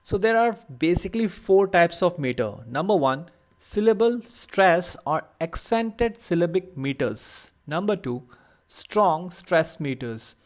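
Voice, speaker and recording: A man giving an online literature lecture, explaining patiently and repeating terms slowly for emphasis. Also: sits high, expressive, dull audio. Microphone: lavalier.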